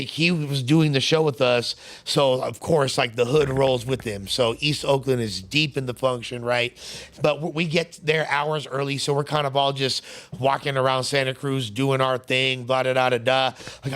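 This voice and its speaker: A man's voice: mid-range voice, fairly even intonation, moderate pace, fairly bright tone. A man in a casual interview telling wild stories in heavy street slang. His voice sits mid-range, and he keeps dropping into the voices of the people he quotes. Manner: slangy, streetwise storytelling with frequent fillers. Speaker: interview guest.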